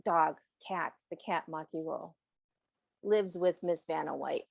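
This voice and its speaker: A woman's voice: deep voice, measured pace, creaky, dry recording. A woman on a podcast, chatting in a rambling way about animals and laughing often. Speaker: animal communicator. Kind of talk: casual chat on a podcast.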